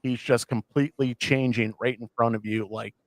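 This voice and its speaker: Rambling animated man, dry close sound. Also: mid-range voice, moderate pace, dry recording. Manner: rambling, many restarts and fillers, animated retelling. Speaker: podcast co-host. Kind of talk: casual chat.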